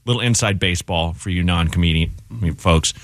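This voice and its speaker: A low-voiced man talks fast on a radio show, where he's a comedian guest telling a story in casual conversation. He's animated and acts out the voices of the people in his anecdote. The recording is studio quality, with no room sound.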